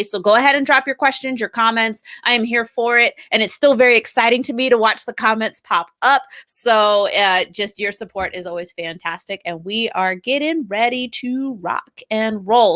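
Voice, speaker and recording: A woman's voice: medium pitch, a bit bright. A woman brand strategist hosting a live stream, chatting upbeat with viewers and greeting commenters by name.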